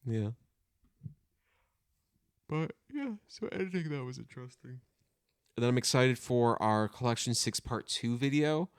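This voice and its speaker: A young man chats loosely as a podcast co-host, his pitch bouncing up and down as he rambles and keeps correcting himself. The sound is dry and close, with no room around him. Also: expressive, unhurried, long pauses, clean tone, no room sound. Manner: rambling, full of "like" and self-corrections. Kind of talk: casual chat.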